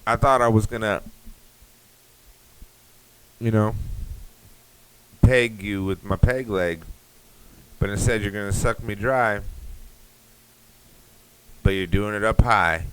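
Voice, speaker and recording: A man's voice: lowish voice, slow, pauses often, fairly bright tone, clear, resonant tone, low-quality recording. A man voicing a doomed male pirate who rambles in a drawling, mock-dramatic way. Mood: resigned.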